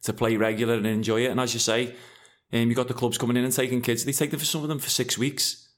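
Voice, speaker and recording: A man's voice: mid-range voice, little pitch movement, quick pace. A middle-aged former footballer and father talking frankly in a rambling, casual conversation, often restarting his sentences. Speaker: former pro footballer guest.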